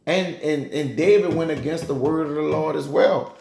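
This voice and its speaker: A male Bible teacher with a slightly high, gravelly voice talks scripture in a loose, chatty way. He leans on "man" and "you know" between thoughts. The recording has a roomy echo. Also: normal speed, a little mellow. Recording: roomy echoey room.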